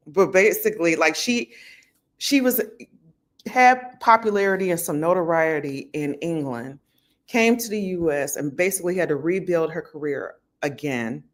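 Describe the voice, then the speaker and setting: A woman talking casually to her viewers from home, chatty, with loose slang and lots of fillers. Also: low-pitched. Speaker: vlogger. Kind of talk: casual talk to camera. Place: at home indoors.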